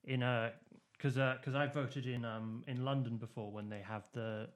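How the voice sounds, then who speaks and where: A man's voice: mid-range voice, fairly even intonation, normal speed. A man co-hosting a podcast, explaining voting and polls in a casual, rambling way with many fillers and restarts. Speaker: podcast co-host. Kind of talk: casual political chat.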